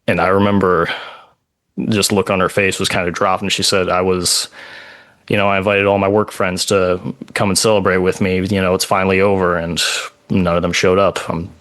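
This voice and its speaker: Podcast guest, man, low-pitched voice, casual storyteller who halts and pauses mid-sentence. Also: little pitch movement, fairly bright tone. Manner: halting, with many pauses and "like" asides.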